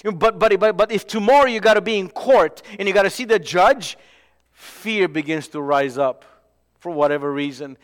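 Male pastor, high voice, sermon delivery with loud-to-hushed swings, reverberant hall sound. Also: moderate pace.

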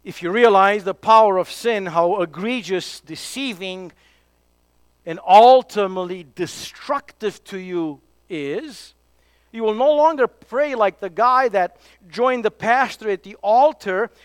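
A man preaching a sermon, emphatic, dropping to hushed tones for key points. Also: sits high, measured pace, clean tone, no echo.

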